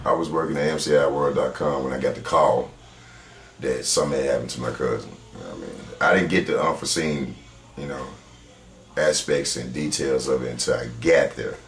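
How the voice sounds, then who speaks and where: A man's voice: extremely low pitch, a little fast, gravelly. A man in a documentary interview, talking in an emphatic, rambling way while searching for words. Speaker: interviewee, cousin of the victim. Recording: roomy echo.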